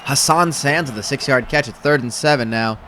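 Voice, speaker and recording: A man's voice: medium pitch, brisk, pushed and bright, a little hiss or hum. Dry rambling male play-by-play caller. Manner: rambling, self-correcting, dry humor. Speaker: play-by-play commentator. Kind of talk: simulated game commentary over a stream.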